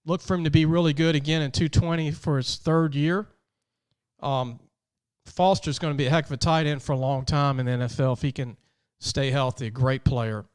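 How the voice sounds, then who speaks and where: A man hosting a sports podcast in a chatty, casual way, often pausing with um and repeating words. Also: fairly high pitch, fairly even intonation, smooth. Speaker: podcast host.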